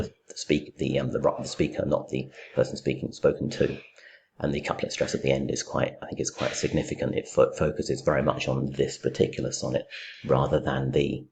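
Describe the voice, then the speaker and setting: This recorded poetry lecture comes from a middle-aged English literature teacher whose extremely low voice is dark and full of vocal fry. A little hiss or hum sits under his commentary as he thinks out loud with frequent fillers and restarts.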